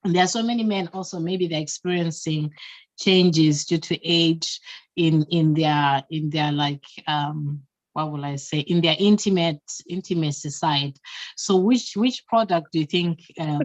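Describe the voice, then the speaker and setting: Giggly woman host, lowish voice. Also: measured pace, no echo, muffled recording. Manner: giggly, with frequent affirming murmurs. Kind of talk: interview chat.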